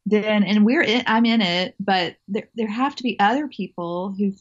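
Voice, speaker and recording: A woman's voice: medium pitch, moderate pace, lo-fi sound. A woman guest telling a story in a casual interview, chatty, laughing often and restarting her sentences.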